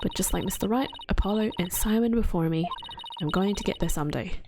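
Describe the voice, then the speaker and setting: A woman's voice: medium pitch, quick pace, over music, close to an everyday voice. A woman voicing an upbeat, determined young female defense lawyer, reading game dialogue aloud earnestly.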